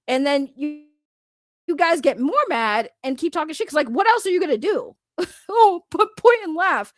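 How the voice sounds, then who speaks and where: A woman from Boston ranting on a live stream, loud, blunt and sarcastic, laughing often. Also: high-pitched, expressive, moderate pace. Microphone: computer microphone.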